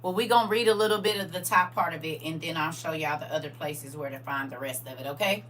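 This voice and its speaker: Her voice sits low and raspy yet has a fairly bright tone, and she moves at a quick pace, with a little hiss or hum audible. She's a middle-aged woman hosting an informal online scripture study, chatting, laughing often, and addressing listeners directly.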